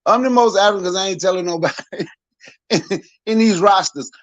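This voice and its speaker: A man's voice: high voice, a little fast, dry recording, dull audio. A man in his forties speaking as a podcast panelist in a blunt, profane, heated rant.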